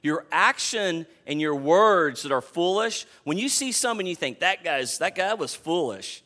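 A man in his fifties preaching a sermon as pastor, emphatic and animated, repeating words as he builds a point. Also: on the high side, measured pace. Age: 50s.

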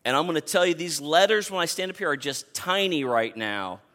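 A male pastor in his fifties delivers a sermon in a fairly high, animated voice. He leans hard on key words and repeats himself for emphasis as he drives each point home. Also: brisk. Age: 50s.

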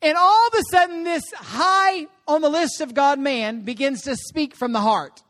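Woman, high voice, guest preacher, animated sermon, call-and-response. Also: a little fast, hardly any pauses. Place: church service.

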